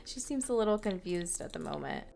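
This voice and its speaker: A woman's voice: lowish voice, big pitch swings, brisk, vocal fry, a little mellow, a little hiss or hum. A young woman giving casual, chatty commentary on a life-sim game, narrating each move and laughing often. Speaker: gaming channel host.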